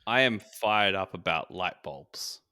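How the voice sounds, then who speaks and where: A man co-hosts a board game podcast, quick to joke and laugh. His voice is bright and forward, but pitched a touch low. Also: animated. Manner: jokey, laughs often. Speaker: podcast co-host. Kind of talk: casual chat.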